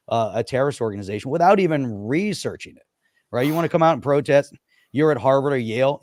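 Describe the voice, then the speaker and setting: A man's voice: mid-range voice, no echo, clean studio sound. A man hosting a casual political podcast chat, giving short agreements and then stating his opinions plainly. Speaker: podcast host.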